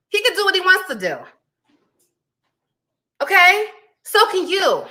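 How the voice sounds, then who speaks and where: A woman's voice: very high-pitched, sing-song, measured pace, pushed and bright. A woman ranting with brash, taunting, profane talk in a clip.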